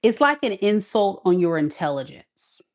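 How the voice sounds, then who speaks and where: A woman's voice: medium pitch, very animated, moderate pace, a little mellow. A woman giving a casual tarot reading, sassy and emphatic, talking straight to the viewer. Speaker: tarot reader.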